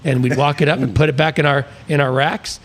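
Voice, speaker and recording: A man's voice: fairly high pitch, fairly even intonation, brisk. A middle-aged man co-hosting a podcast, telling crude, rambling anecdotes in a casual way. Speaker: podcast co-host. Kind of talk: casual storytelling chat.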